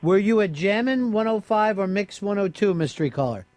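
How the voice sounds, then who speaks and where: A man's voice: high-pitched, animated, fairly quick, a little mellow, no echo. A man hosting a radio talk show, teasing and joking with his guests.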